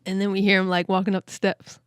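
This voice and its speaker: A woman hosting a podcast, telling a story in casual chat, excitable and quick to laugh. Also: medium pitch, clear, resonant tone, dry recording, studio quality. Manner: excitable, laughs often, many "like" fillers. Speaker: podcast host.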